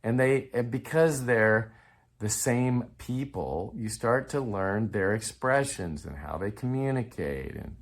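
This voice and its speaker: A man with a somewhat low voice talks through his teaching method to camera. His delivery is relaxed and conversational, full of restarts, asides and the odd chuckle. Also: unhurried. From Texas. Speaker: Spanish learning coach. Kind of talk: casual explanatory talk to camera.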